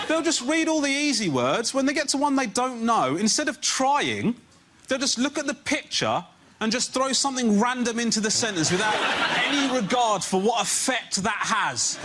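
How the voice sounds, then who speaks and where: A comedian on a panel show, ranting in exasperation and building to loud outbursts. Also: male voice, sits high, a little hiss or hum. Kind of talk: stand-up routine on a panel show. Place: TV studio with live audience.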